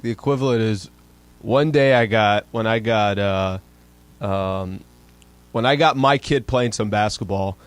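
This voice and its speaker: A man's voice: lowish voice, measured pace, clean tone, no room sound. A man co-hosting a sports talk radio show, reacting enthusiastically and chiming in with his own examples. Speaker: radio co-host.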